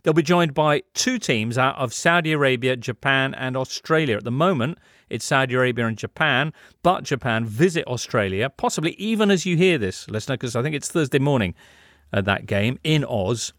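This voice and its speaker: A man hosting a sports show, brisk and chatty as he runs through results and brings in guests. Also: mid-range voice, expressive, a bit bright, no echo, studio quality. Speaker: host. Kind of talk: sports radio presenting.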